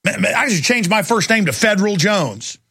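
A man hosting a talk show delivers an angry, sarcastic rant. His voice is high and gravelly. It has a bright, forceful edge. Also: expressive, a little fast, no room sound, clean studio sound. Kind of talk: ranting talk show monologue.

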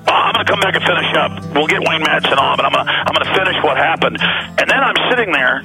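A man's voice: fairly high pitch, expressive, fast talker, gravelly, pushed and bright, faint music behind, poor audio. A man with a Texan accent hosting a talk radio show over the phone from the road, rambling emphatically with many restarts. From Texas. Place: on the road, away from the studio.

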